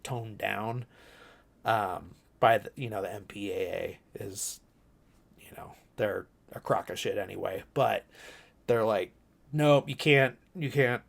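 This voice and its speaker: A man's voice: on the low side, creaky, a little mellow. A man casually recapping a movie plot on a podcast, rambling loosely with lots of fillers and casual swearing. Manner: rambling, loose, swears freely, heavy "like" and "you know". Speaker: podcast co-host.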